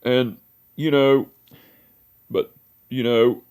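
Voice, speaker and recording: A young man in his twenties speaks at a middle pitch, telling a personal memory to the camera. He rambles and repeats himself, and his talk is heartfelt and emotional. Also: measured pace, darkish tone. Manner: rambling, repeats "I said" and "you know". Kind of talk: personal memorial vlog, storytelling.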